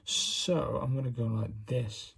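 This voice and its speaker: Man, unhurried and raspy, casual self-critical hobby demo narration. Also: mid-range voice, steady tone. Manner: self-critical, chatty, narrates while working. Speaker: calligraphy hobbyist demonstrating. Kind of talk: casual step-by-step demonstration.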